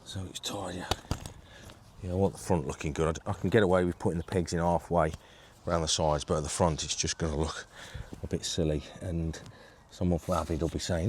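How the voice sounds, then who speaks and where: A man's voice: deep voice, fairly even intonation, fairly quick, a little mellow, a little hiss or hum. A man casually talking through setting up a fishing shelter outdoors in his garden, narrating each step while holding his camera one-handed. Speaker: angling vlogger demonstrating gear. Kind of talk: casual demo talk to camera. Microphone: handheld video camera.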